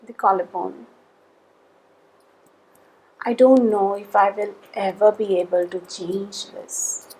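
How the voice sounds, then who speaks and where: A woman leading a guided tapping session, calling out tapping points in a slow, measured way between spoken statements. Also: medium pitch, steady tone, dark tone, breathy edge, low-quality recording.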